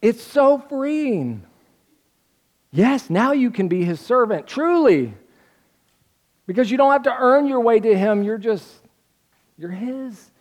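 High-voiced male pastor preaching conversationally. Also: animated, slow, long pauses. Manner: conversational, asks the congregation questions to fill in. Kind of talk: sermon.

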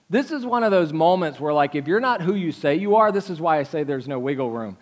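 A man preaching a sermon as pastor, animated and conversational, acting out quotes from the story. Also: on the high side, a little fast, hardly any pauses.

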